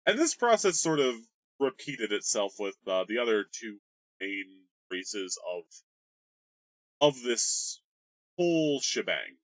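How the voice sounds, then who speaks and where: Recorded with no room sound, this man has a medium-pitched, fairly bright voice. He's a game master giving a casual worldbuilding rundown, rambling and joking crudely through the history of his tabletop campaign.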